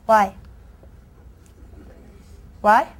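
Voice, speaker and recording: A middle-aged woman, a children's book author, giving a playful, animated talk to education students and quizzing the audience. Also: extremely slow.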